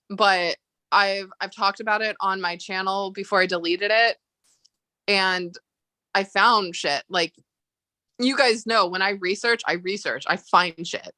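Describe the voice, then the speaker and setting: A woman's voice: medium pitch, pushed and bright, dry recording. Rattled woman streamer who swears freely. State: feeling unwell. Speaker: streamer hosting a live chat. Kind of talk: casual live-stream chat.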